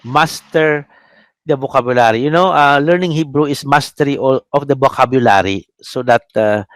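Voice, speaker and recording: A man's voice: medium pitch, moderate pace, dry recording. A man with a Filipino accent, a priest giving a classroom lecture, drilling pronunciation and tagging sentences with "no?", often hesitating with fillers. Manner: hesitant, many "uh" fillers and restarts. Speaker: priest lecturing on biblical Hebrew.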